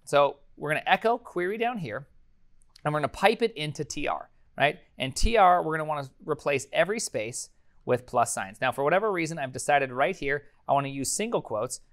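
A man teaching a programming course, live-coding while thinking aloud, energetic and prone to sudden excited exclamations. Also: a little high, a little fast.

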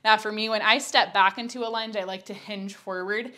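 A woman's voice: medium pitch, steady tone, fairly quick, bright, forceful tone. A young woman teaching a Pilates workout, out of breath, chatty and candid as she counts reps and talks through the moves. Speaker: Pilates instructor. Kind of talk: workout instruction.

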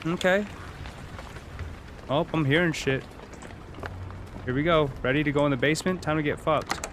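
A man giving excitable, jokey let's-play commentary as a gaming streamer. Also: fairly high pitch, a little fast, noisy background.

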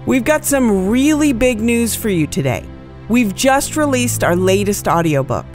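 A woman opens a podcast with an upbeat scripted introduction. Her voice sits fairly high and moves around a lot, with music playing clearly beneath her. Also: sing-song, measured pace, darkish tone. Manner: upbeat, announcing. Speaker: podcast host. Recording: music bed behind voice.

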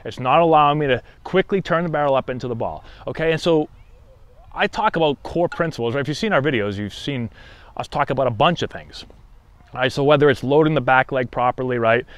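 A man teaching baseball hitting in a casual talk to camera, often checking in with a quick "right?". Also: medium pitch, no room sound. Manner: conversational, frequent "right?" check-ins.

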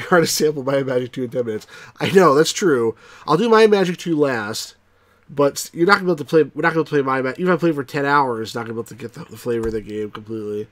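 A man's voice: mid-range voice, rapid-fire, fairly bright tone, no room sound. A man hosting a let's play, giving casual, rambling commentary full of fillers and frequent chuckles.

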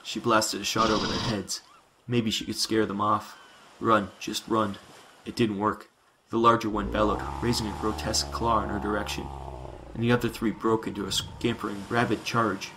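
A man narrating science fiction in a measured, dramatic reading. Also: lowish voice, little pitch movement, pushed and bright, slight background noise, low-quality recording.

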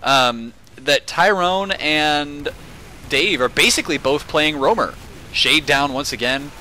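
Young guy casting a game match, bright tense voice, jokes around a lot, faint hiss behind him. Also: fairly high pitch, slow pace. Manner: excitable, jokey, rambling asides with frequent fillers. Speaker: esports caster. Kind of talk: solo play-by-play commentary.

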